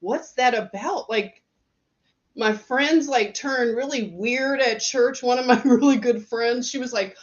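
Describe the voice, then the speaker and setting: A middle-aged woman hosts a casual livestream in a slightly high voice at a measured pace, and the audio is lo-fi. She's chatty, tells stories, laughs often, and reads viewer comments aloud.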